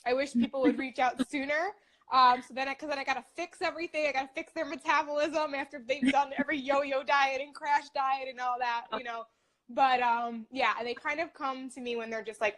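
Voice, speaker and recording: A woman's voice: high voice, fairly even intonation, brisk, fairly bright tone. A young woman in her twenties, a dietitian, talking about her path in a casual, upbeat interview, with lots of "like" fillers. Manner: chatty, upbeat, many "like" fillers.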